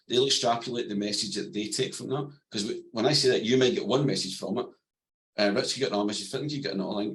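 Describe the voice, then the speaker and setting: A man guesting on a podcast as an NLP coach, calm and plain-spoken, explaining ideas through simple stories. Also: fairly low pitch, rough recording. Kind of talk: podcast interview, explaining and storytelling.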